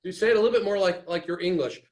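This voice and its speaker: A man's voice: sits high, rapid-fire, slight background noise. A man giving humor coaching feedback, direct and acting out suggested lines. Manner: direct, gives concrete tips, acts out lines.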